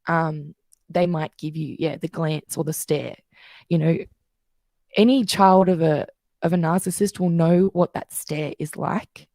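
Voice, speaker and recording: A woman's voice: sits low, fairly even intonation, measured pace, creaky, a little mellow, dry recording, clean studio sound. A woman guest coach explaining things in casual interview chat, telling stories and acting out the voices she quotes.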